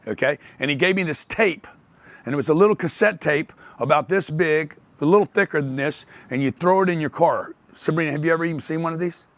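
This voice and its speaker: An older man giving a motivational talk on sales to an audience, telling lively stories and acting out the voices of other people. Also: fairly high pitch, brisk, no echo. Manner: animated storytelling, acts out others' voices. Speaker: speaker on sales and wealth.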